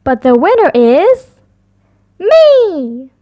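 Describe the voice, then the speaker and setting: A cheeky, bossy little piglet girl from a bedtime storybook, put on by a woman reader. Her voice sits high and bounces a great deal. The words come slowly and with care. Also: very animated, no room sound, muffled recording. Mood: bossy, proud.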